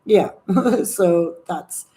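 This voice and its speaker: Woman, 60s, live-stream host; low, mellow, loose and chatty. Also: drawn-out words. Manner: chatty, rambling, swearing, reading viewer comments. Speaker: livestream host. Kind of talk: casual live chat.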